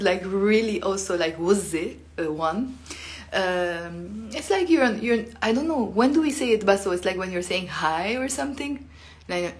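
Lady teaching a loose live lesson, laughs a lot, acts out the sounds, mid-pitched voice. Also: normal speed. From Lebanon. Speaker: Arabic teacher. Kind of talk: casual live-stream lesson.

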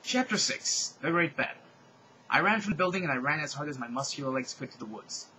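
Brief: male reader hamming up bad fan fiction, slightly high, bright tone, deadpan asides. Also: brisk, slight background noise, poor audio. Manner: deadpan asides, exaggerated reading. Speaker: fanfic reader. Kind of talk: comedic dramatic reading.

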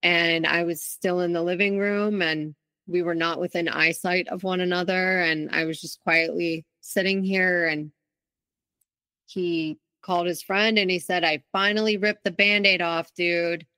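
Slow-speaking woman, low bright voice. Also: steady tone, clear, resonant tone, no room sound. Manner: candid, reflective, with restarts. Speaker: guest. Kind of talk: interview, personal account.

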